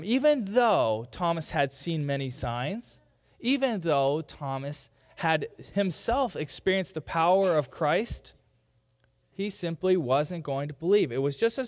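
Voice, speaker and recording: High-voiced pastor in a reverberant church. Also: male voice. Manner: conversational, quoting skeptics in mock voices. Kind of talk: sermon. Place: church sanctuary.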